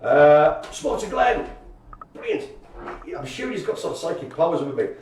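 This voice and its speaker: Man, light and jokey live-stream co-host, boomy distant room sound. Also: brisk, slight background noise. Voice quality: chatty, jokey, animated storytelling. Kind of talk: casual live-stream chat. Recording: echoey room, far from mic.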